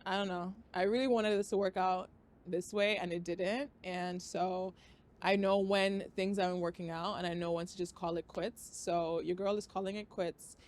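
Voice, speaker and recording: Expressive young woman podcast host. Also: on the low side, normal speed. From Africa. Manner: expressive, swings between loud excitement and quiet earnestness. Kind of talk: casual confessional talk to camera. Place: outdoor balcony.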